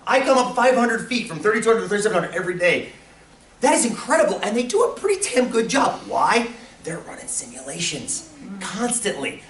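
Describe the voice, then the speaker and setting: A man teaching statistics in a classroom, telling stories in an animated way and often laughing. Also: sits high, brisk, a little hiss or hum. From Delaware. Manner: animated storytelling, acts out voices, laughs often. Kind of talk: classroom lecture. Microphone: far room mic. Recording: echoey room from far off.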